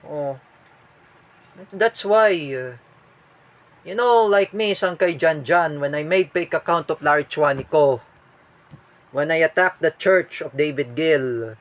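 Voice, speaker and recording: A man with a Filipino accent giving a personal video statement as a vlogger, halting and full of fillers and restarts. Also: fairly high pitch, a bit bright.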